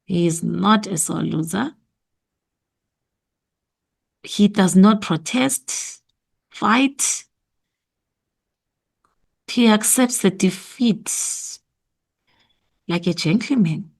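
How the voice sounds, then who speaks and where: Slow, gravelly South African woman teacher. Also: mid-range voice. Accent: South African English. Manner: slow, thinking aloud, repeating answers. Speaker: teacher going over exam memo. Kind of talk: exam revision lesson.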